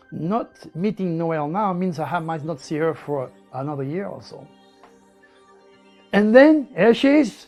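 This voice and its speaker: A man with a French accent telling his life story in broken English, animated and repeating words as he goes. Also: on the high side. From France. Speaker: interviewee. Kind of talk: personal storytelling.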